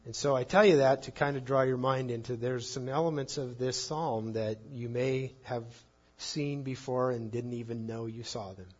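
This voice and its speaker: A man preaching a sermon on the psalms, speaking emphatically and swinging between loud and soft. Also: medium pitch, moderate pace, slightly rough, muffled recording. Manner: emphatic, rising and falling in volume.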